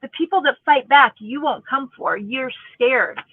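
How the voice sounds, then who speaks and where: A woman's voice: sits high, a little slow, breathy edge, no echo. A woman in her forties ranting angrily in casual, profane, sarcastic commentary as a YouTube commentator. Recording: tinny phone-like audio, dry.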